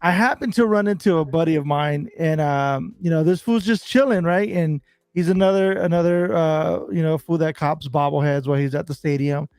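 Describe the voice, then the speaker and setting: A man telling a story in casual chat, full of slang and swearing, and animated as he recounts it. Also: on the high side, normal speed, clean tone, dry recording. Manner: animated and laughing while recounting. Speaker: bobblehead collector telling a story.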